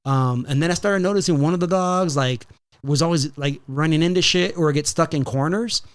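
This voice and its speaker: A man hosting a podcast, telling a story in a casual, profane, animated way and slipping in Spanish phrases. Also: on the high side, normal speed, smooth. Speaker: podcast host.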